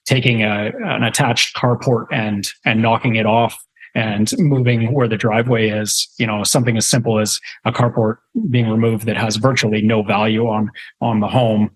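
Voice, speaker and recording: A man's voice: lowish voice, level tone, moderate pace, rough recording. A Canadian man in his thirties, a guest on an interview show, telling a story casually with many fillers and restarts. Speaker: guest real estate investor.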